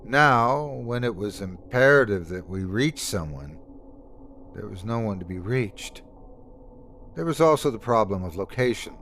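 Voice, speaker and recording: A man's voice: on the low side, lively intonation, measured pace, fairly bright tone, slight background noise. A man reading a horror story as the host of a storytelling channel, in a tense, suspenseful way. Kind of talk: scripted horror narration.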